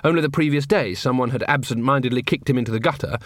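Guy reading an audiobook, mid-pitched, even and dry, close studio mic with no room. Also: no room sound. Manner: measured, dry storytelling. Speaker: audiobook narrator. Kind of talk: scripted narration.

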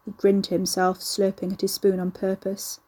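Brief: woman audiobook narrator, warm, mellow tone, slightly husky, measured delivery. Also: mid-range voice, monotone.

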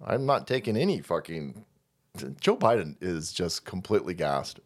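A man hosting a livestream, delivering a loud, mocking, profanity-laden commentary rant. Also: low-pitched, sing-song, normal speed. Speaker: livestream host.

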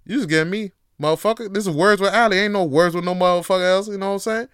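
A man's voice: high-pitched, very fast, a bit bright, smooth, no room sound, clean studio sound. A man hosting his own show, talking in a loose, profane solo monologue with laughing asides. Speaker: host.

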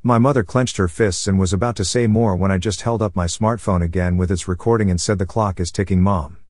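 Male narrator, low voice, dry close sound, steady read. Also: fairly quick, no echo. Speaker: story narrator. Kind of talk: scripted first-person narration.

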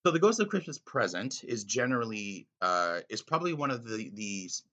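Casual commentator: man with a bright, lowish voice, loose and filler-heavy, eager. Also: very animated, a little fast. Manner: rambling, filler-heavy, enthusiastic. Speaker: reader discussing a classic story.

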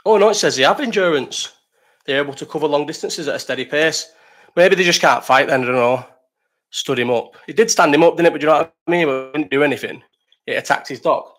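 A man's voice: a little high, a bit bright. A man hosting a casual live stream, reading chat questions, rambling, swearing and laughing.

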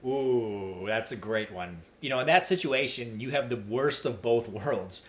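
Easygoing American co-host with mock-formal replies. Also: male voice, medium pitch, unhurried. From United States. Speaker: podcast co-host. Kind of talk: casual podcast banter.

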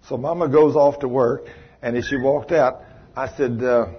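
A man preaching a sermon, telling a story in a folksy, animated way and acting out the voices in it. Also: mid-range voice, moderate pace, husky. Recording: dull lo-fi sermon recording.

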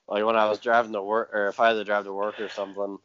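A man hosting a casual chat, laid-back and quick to laugh. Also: on the low side, flat delivery, a bit bright, clear, resonant tone, dull audio. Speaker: podcast host and jiu-jitsu video maker.

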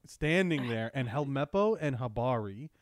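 Excitable young man, dry close sound. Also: mid-range voice, normal speed, no room sound. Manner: excitable, jokey, loud swings. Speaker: podcast host. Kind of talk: casual chat.

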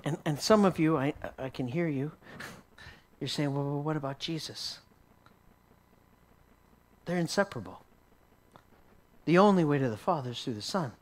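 Man, sermon storytelling, fairly high voice, stammering repeats, frequent chuckles. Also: moderate pace, pauses often. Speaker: Christian teacher.

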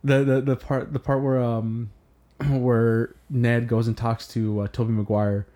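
A man co-hosting a podcast, chatting casually about a movie and acting out its scenes in lively bits. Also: mid-range voice, a little slow. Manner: animated storyteller, acts out scenes. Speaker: podcast co-host.

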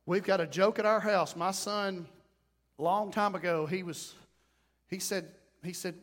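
A middle-aged pastor preaches with folksy emphasis, swinging from loud calls down to low asides. His voice sits high for a man. The church sanctuary gives it a long, trailing reverb. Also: fairly even intonation, a little slow. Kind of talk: sermon.

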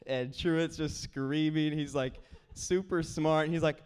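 A young pastor opens his sermon with family anecdotes, bouncing between his own voice and his children's. His tone is smooth and clear, sitting a little high for a man. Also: unhurried. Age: young adult. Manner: animated storyteller, acts out kids' voices. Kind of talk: sermon with personal stories.

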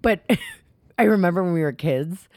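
A young woman co-hosts a podcast in casual chat, rambling, laughing often and restarting sentences mid-thought. Her voice is on the low side and mellow at a normal speed, with no room sound.

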